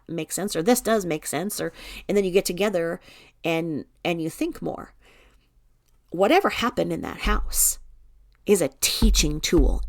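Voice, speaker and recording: A woman's voice: vocal fry, dry recording, studio quality. A woman hosting a casual true-crime live stream, reading viewer comments aloud and answering bluntly, sometimes swearing and dropping to a mutter. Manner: often drops to a low mutter while reading the screen. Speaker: true-crime video host.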